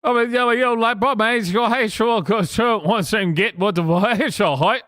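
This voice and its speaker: A man's voice: high voice, moderate pace, a bit bright, dry recording, studio quality, voice pushed up. A man putting on a garbled, exaggerated fake Cockney accent, parodying a rambling stand-up comic. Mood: mocking. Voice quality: garbled, slurred parody speech.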